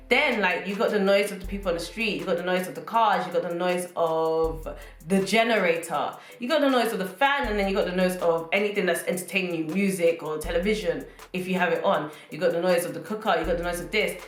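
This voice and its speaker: Animated British woman vlogging, roomy echo. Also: lowish voice, fairly quick. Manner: animated, joking, addresses viewers as guys. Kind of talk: casual comedic monologue to camera. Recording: roomy echo, faint music.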